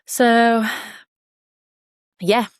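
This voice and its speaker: A woman's voice: a little high, fairly even intonation, extremely slow, clear, resonant tone, no room sound, clean studio sound. A young woman podcast host telling a personal story in a chatty, rambling way with asides.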